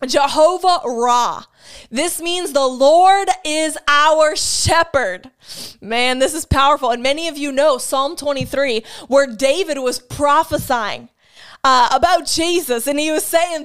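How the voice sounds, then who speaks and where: A woman's voice: sits high, unhurried. A woman teaching a sermon in an earnest, emphatic way, repeating key phrases and sharing personal testimony with feeling. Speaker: Bible teacher.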